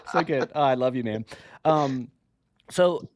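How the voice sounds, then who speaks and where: A man hosts a podcast in an upbeat, chummy manner, calling his guest man and bro. His voice sits at an ordinary pitch, and the recording is dry with no room sound. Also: unhurried, a little mellow, dry recording. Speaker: podcast host. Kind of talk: casual interview.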